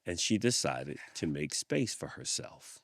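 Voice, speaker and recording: A man hosting a podcast, reading a picture book aloud with expressive storytelling and thoughtful hums. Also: low voice, unhurried, dry recording. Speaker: podcast host.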